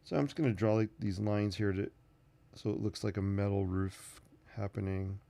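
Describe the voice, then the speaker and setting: Low gravelly man sketching on camera. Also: steady tone, moderate pace, mellow. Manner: chatty, thinks aloud while drawing. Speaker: sketching channel host. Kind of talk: casual narration while sketching.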